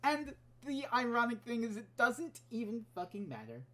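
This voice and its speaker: A woman's voice: a little high, big pitch swings, moderate pace, a bit bright. A woman giving a heated, profanity-laced rant as a podcast guest. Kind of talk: recorded rant segment.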